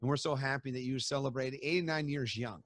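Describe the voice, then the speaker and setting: A man's voice: medium pitch, fast talker, no room sound, clean studio sound. A man hosting a casual interview chat, jokey and laughing along with his guest. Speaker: host.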